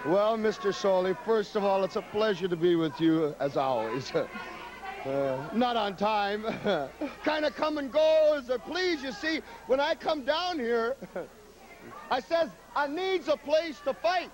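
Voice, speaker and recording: A brash man delivers a wrestling promo. His voice sits very high as he boasts and taunts in loose slang, laughing between lines. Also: expressive, takes it slowly, some chatter behind, poor audio.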